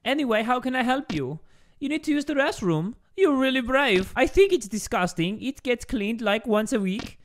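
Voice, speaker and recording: A man's voice: very high-pitched, lively intonation, normal speed, voice pushed up. A man voicing a squeamish, chatty late-night store clerk in an odd put-on foreign accent, reading game dialogue. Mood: polite.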